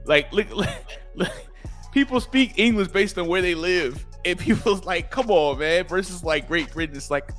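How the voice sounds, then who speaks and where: A man's voice: sits high, normal speed, fairly bright tone, faint music behind. A man co-hosting a casual chat, playful and joking, telling anecdotes. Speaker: podcast co-host.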